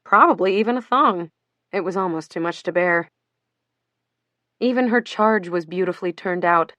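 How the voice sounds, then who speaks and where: A woman's voice: fairly low pitch, normal speed, bright, forceful tone, dry recording. Woman narrating an audiobook, dry sound. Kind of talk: scripted narration.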